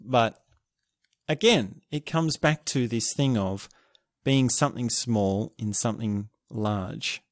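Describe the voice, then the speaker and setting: A man hosting a podcast alone, musing and thinking aloud, restarting his sentences and chuckling softly as he reflects. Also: mid-range voice, takes it slowly, pauses often, no room sound, studio quality. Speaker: podcast host. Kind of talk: reflective solo podcast talk.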